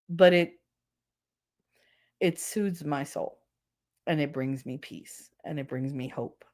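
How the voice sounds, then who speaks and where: A middle-aged woman hosting a casual livestream chat, irreverent and profane, laughing often and acting out quotes as she reads the chat. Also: medium pitch. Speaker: podcast host reading live chat.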